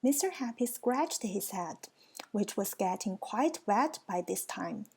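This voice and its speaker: A woman's voice: medium pitch, animated, unhurried, vocal fry, darkish tone, slightly rough. A woman reading a children's picture book aloud, with playful, teasing asides to her listeners. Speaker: storybook reader.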